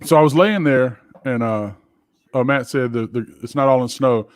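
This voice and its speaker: A man co-hosts a podcast in casual chat, spinning a long, profane story packed with fillers and restarts. His voice sits at an average pitch for a man. The recording is close and dry, with no room sound. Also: normal speed, no room sound. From Georgia, US. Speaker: podcast co-host.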